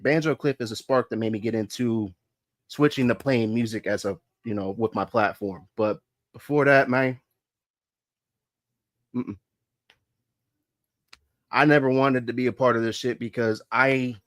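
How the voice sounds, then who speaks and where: A man hosts a livestream show at an ordinary mid pitch, swearing freely as he rants. He is blunt and confrontational and circles back to repeat himself for emphasis. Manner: profane and confrontational. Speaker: podcast host. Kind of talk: heated livestream rant. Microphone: streaming mic.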